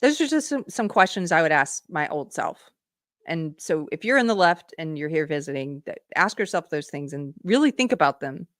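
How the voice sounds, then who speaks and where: A woman's voice: low voice, animated, moderate pace, a bit bright, no echo, studio quality. A middle-aged woman hosting a live commentary stream, earnestly putting rhetorical questions to her viewers. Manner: reads viewer comments aloud. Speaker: political commentary host.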